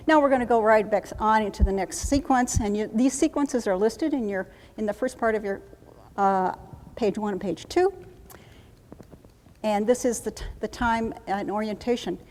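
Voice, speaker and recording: Woman running a hands-on workshop, bossy coach-y drill voice, kinda high, big echoey conference hall. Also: darkish tone. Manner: brisk, commanding coaching with chanted repetitions. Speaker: workshop presenter. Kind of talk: live training demonstration. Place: conference room. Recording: long hall reverb.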